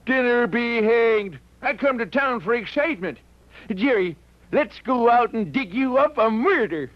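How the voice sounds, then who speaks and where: Cranky old country uncle. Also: male voice, very high-pitched, expressive, measured pace. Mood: gruff eager. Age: older. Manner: folksy rural drawl, blunt and cranky. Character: folksy old country uncle, eager for excitement. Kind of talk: 1940s radio acting. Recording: dull vintage radio recording.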